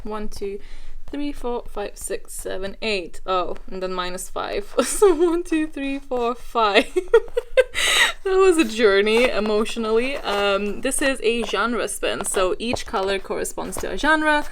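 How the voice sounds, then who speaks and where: A woman hosting a book vlog in casual chat, excitable and gushing, laughing often as she talks. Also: mid-range voice, measured pace, slight background noise. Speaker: book vlogger host.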